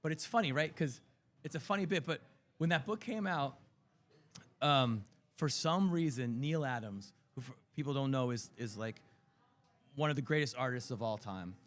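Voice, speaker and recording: A middle-aged man, a comic book writer, chatting as a guest in an interview, telling animated stories and acting out quotes. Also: medium pitch, normal speed. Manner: animated storyteller, acts out quotes, laughs often. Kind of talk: casual interview chat. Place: convention floor TV set.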